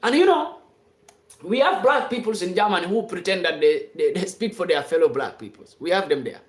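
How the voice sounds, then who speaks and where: A live-stream commentator giving an impassioned, off-the-cuff monologue to followers, insistent and repetitive, sometimes rising to shouts. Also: medium pitch, animated, fairly quick, echoey room. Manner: fiery and insistent, repeating phrases, rising to shouts.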